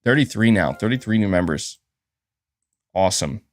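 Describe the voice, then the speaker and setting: A man's voice: lowish voice, lively intonation, normal speed, no room sound. Chatty male gaming streamer, dry sound. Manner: rambling, chatty, thanks viewers for gifts. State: sore throat. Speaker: gaming channel host. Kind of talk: casual livestream chat.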